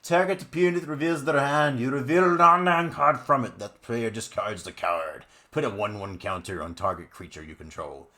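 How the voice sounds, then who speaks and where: A man's voice: medium pitch, normal speed, few pauses, pushed and bright, pitched above the performer's own voice, lightly acted. A man putting on a goofy, exaggerated accent to read card text in a sing-song way.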